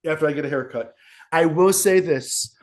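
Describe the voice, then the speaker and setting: A young man, a wrestler with sore ribs, rambles and feels sorry for himself in a casual interview, wincing in pain. His voice is a little high and his pace moderate.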